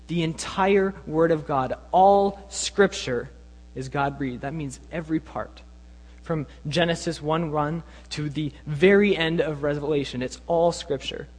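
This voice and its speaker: A man's voice: a little high, unhurried. A young man preaching a sermon, earnest and emphatic, teaching from the pulpit. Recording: long reverb in a hall.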